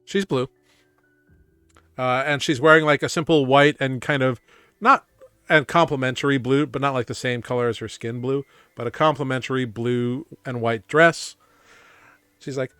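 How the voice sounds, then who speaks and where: Male GM, loose rambling narration, smooth dry voice. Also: medium pitch, animated, normal speed, a bit bright, no echo, faint music behind. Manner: casual, rambling, full of fillers. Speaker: game master. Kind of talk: narrating a tabletop game.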